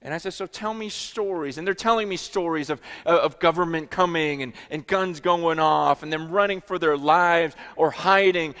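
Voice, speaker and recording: A man preaches a sermon and tells a story, his fairly high voice sliding from hushed low passages up to loud, excited bursts. He stumbles over restarts as he talks. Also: moderate pace. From United States. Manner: animated, many restarts, swings from hushed to loud. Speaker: pastor.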